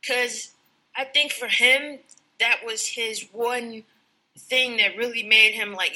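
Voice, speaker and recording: A woman's voice: fairly high pitch, takes it slowly, pushed and bright, poor audio. A woman co-hosting a casual chat, telling a story and acting out the quotes. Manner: chatty storyteller, acts out quotes, many fillers.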